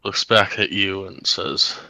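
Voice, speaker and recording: Game master guy, slow and umm-y, bright close sound. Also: low voice, creaky, no echo. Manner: unhurried, halting with fillers. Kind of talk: narrating a tabletop game.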